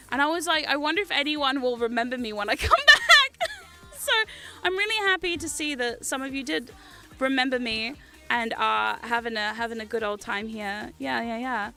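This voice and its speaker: A woman in her thirties chats on her livestream in a high, sharply bright voice. She rambles through stories with frequent giggles and answers chat aloud, with faint music playing behind her. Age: 30s. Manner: chatty, giggly storytelling, reads chat aloud. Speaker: livestream host.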